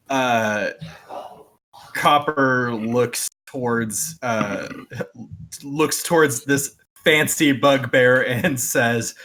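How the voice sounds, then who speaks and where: Slow, bright-voiced man running a game. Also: medium pitch. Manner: hesitant, lots of uh and um, chuckling. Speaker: game master. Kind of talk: narrating a tabletop game.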